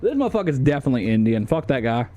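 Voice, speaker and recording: A man's voice: mid-range voice, very animated, very fast, dark tone. A man from the United States doing livestream commentary as he ranks a tier list, rambling and swearing with plenty of fillers and restarts. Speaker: streamer.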